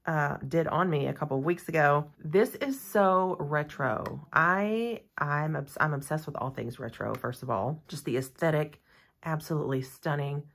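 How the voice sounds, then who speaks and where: Low-voiced woman gushing through an unboxing. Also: moderate pace, fairly bright tone. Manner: chatty and gushing, rambling asides. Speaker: nail content creator reviewing a product. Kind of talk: casual unboxing review.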